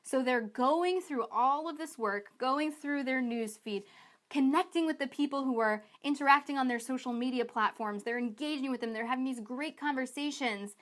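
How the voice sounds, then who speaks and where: High-voiced, energetic woman coach. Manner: energetic, emphatic, chatty; acts out clients in quick asides. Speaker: business coach. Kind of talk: online sales training talk.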